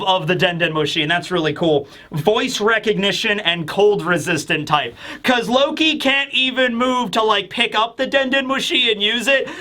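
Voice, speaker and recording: A man hosting a casual manga chapter review, rambling with lots of fillers and dropping into quick voices for the characters. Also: high-pitched, pushed and bright.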